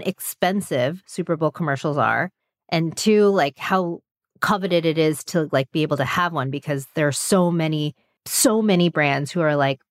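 A woman co-hosting a beauty podcast, chatting with animated energy, laughing easily and swearing casually. Her voice is a little low for a woman, and the recording is dry and close. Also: dry recording. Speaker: podcast co-host. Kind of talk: casual chat.

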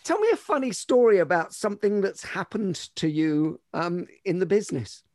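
Male podcast host, inquisitive, slightly high voice, dry close sound. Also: sing-song, moderate pace, a little mellow, dry recording. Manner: inquisitive, prompting questions. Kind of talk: interviewing.

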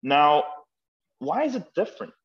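A man's voice: fairly high pitch, big pitch swings, a little slow. A man, a start-up co-founder and executive, talking as an interview guest and making his case with emphatic, persuasive storytelling and rhetorical questions. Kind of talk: conversational interview. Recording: slightly muffled, lo-fi podcast audio.

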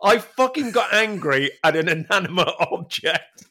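A man's voice: sits high, moderate pace. A man co-hosting a podcast, telling a story in a casual chat, full of swearing and laughter. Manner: animated, swearing storyteller who laughs often. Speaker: podcast co-host.

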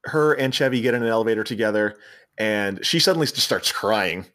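A man's voice: fairly low pitch, lively intonation, fairly quick, fairly bright tone. Rambling man with a Philly accent. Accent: Philadelphia. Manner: rambling, laughing storyteller with many restarts. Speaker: podcast co-host. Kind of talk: casual movie recap chat.

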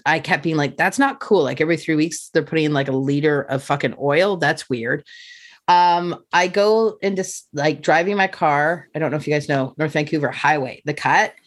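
A woman, a comedian guest on a casual podcast, telling a story in an animated, profane way. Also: low voice, moderate pace.

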